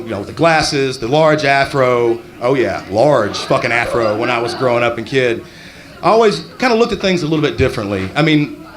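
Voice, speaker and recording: A middle-aged man from Texas doing rambling, profane stand-up comedy at an open mic. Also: medium pitch. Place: comedy club stage.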